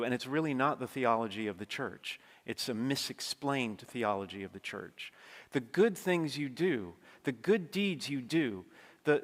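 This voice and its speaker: A man, a priest, preaching a sermon in a conversational, emphatic way, speeding up when he stresses a point. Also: mid-range voice. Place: church. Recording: long church reverb.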